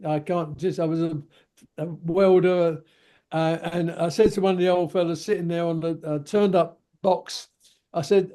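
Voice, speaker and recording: A man's voice: fairly high pitch, little pitch movement, normal speed, warm tone. An older man with a Cockney accent, a veteran stuntman telling a rambling personal story on a video call and acting out the people he quotes. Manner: rambling yarn-spinner, acts out the people he quotes. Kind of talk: anecdotal storytelling.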